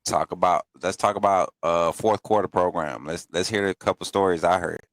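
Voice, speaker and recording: Deep-voiced laid-back man chatting football. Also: steady tone, normal speed, no echo. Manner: laid-back, slangy, laughs often. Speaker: podcast co-host. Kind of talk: casual sports chat.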